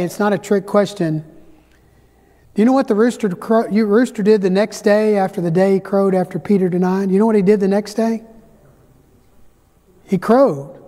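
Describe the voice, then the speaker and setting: High-voiced preacher in an echoing church. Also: male voice. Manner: dramatic storytelling, swings between loud highs and hushed lows. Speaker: pastor. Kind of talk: sermon. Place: church sanctuary. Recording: church hall reverb.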